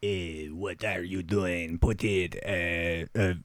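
A man putting on a thick Russian accent to play a gruff male spy in an improvised comedy scene. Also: low-pitched, steady tone, slow pace, fairly bright tone, no room sound, voice pushed down. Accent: put-on Russian.

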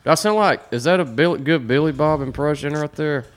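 A man hosting a crude comedy podcast, joking around and swearing freely in casual chat. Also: on the high side. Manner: profane, joking, quick asides. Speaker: podcast host.

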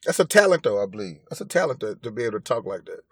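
Lively man with a dry close sound. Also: on the low side, rapid-fire, husky, no room sound. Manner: animated, slangy, playful. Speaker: podcast co-host. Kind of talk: casual chat.

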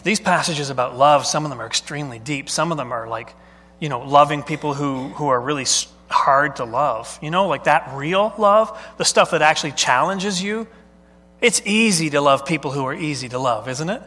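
A man's voice: fairly high pitch, normal speed, pushed and bright, breathy edge. A male pastor preaching a sermon in a conversational way, often putting questions to the congregation. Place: church sanctuary. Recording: long hall reverb.

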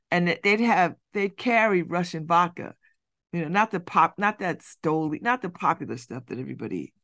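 A woman's voice: low-pitched, fairly bright tone, no room sound, clean studio sound. A woman radio host chatting casually and rambling, with frequent restarts and easy laughs. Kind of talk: casual chat.

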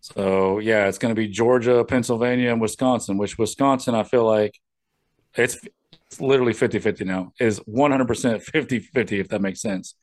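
A man's voice: lowish voice, normal speed, darkish tone. A man co-hosting a podcast in a casual, laid-back chat, mostly giving short replies. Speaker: podcast co-host.

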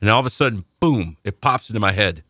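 Man, sports radio co-host, very bright forceful tone, dry studio sound, lively storyteller. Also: on the low side, quick pace, dry recording. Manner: animated storyteller, acts out shouting voices in anecdotes. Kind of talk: casual sports talk storytelling.

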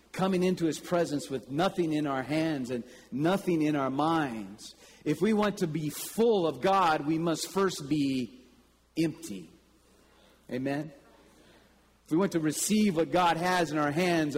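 A preacher delivers his sermon at an unhurried pace. His voice sits slightly high for a man and carries a long reverb through a large church hall. He tells stories and now and then breaks into sudden loud calls. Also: slight background noise. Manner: storytelling, slow and deliberate with sudden loud bursts. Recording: long reverb with faint ambience.

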